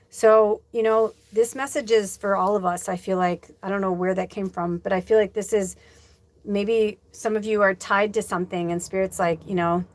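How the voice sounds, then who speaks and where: A woman spiritual medium talks casually on a livestream, loose and rambling, with the odd curse word. She reads viewer comments aloud and mulls over them as she goes. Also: medium pitch. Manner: chatty storyteller, acts out quoted dialogue.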